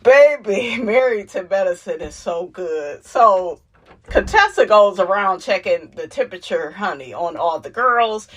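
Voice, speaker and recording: A woman's voice: mid-range voice, measured pace. Sassy woman dishing on reality TV. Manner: animated, sassy, quotes cast members in voices, laughs often. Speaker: reality TV recap commentator. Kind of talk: casual chat.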